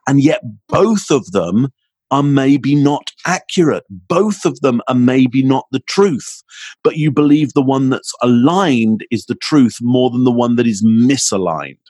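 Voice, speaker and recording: A man's voice: mid-range voice, darkish tone, breathy edge, no room sound. A man being interviewed as a communications expert, explaining his ideas and demonstrating tones with his own voice. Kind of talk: podcast interview.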